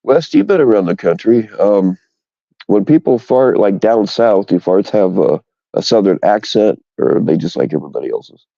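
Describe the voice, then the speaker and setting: Deep gravelly man, crude rambling chat. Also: animated, normal speed, dark tone, no room sound, lo-fi sound. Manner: rambling, bawdy, joking. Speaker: livestream host. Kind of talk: casual crude chat with viewers.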